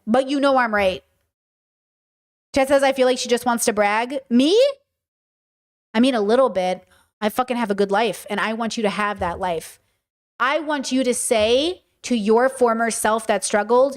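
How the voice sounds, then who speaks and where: Blunt, profane woman host, higher voice. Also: normal speed. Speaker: podcast host. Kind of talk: casual unscripted monologue answering chat.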